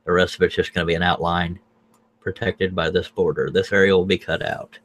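A man's voice: sits low, little pitch movement, brisk, fairly bright tone, slight background noise. A man hosting a live drawing tutorial, folksy and joking, thinking aloud as he works. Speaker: scroll saw pattern artist, livestream host.

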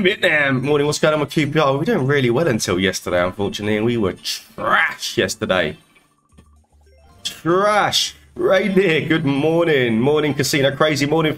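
A man hosts a live stream in a chatty, upbeat way, greeting viewers one after another. His voice sits at an ordinary middle pitch. Faint music plays underneath. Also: fairly bright tone. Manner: upbeat, greets chat viewers by name in rapid sing-song bursts. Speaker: slot streamer host.

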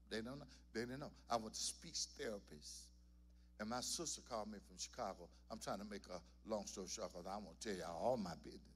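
A man's voice: on the low side, a bit bright, slight background noise. A church singer telling his testimony to the congregation in a folksy storytelling manner. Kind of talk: spoken testimony in a worship service. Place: church sanctuary.

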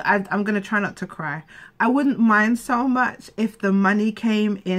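A woman's voice: medium pitch, fairly bright tone. Frustrated woman venting. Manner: rambling, frustrated, full of restarts. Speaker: vlogger. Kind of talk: candid personal vlog.

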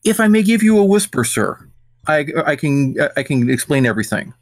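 A man's voice: on the high side, very animated, fairly quick, no room sound. A man playing his character in a tabletop role-playing game, speaking formally and earnestly in character. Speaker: player.

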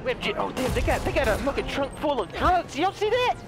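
A man with a strikingly high voice that leaps all over the place, yelling and joking through a let's play. He swears freely, hams up mock news-anchor lines, and has a game soundtrack playing clearly behind him. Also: fast, music in the background. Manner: excitable, loud, swears a lot, goofy mock-announcer bits. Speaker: gaming YouTuber. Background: game soundtrack and sound effects.

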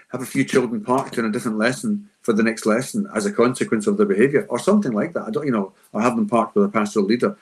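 A man answering teachers' questions in an unscripted session, emphatic and conversational. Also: on the low side. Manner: emphatic and conversational, acting out classroom lines. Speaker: school behaviour adviser answering teachers' questions.

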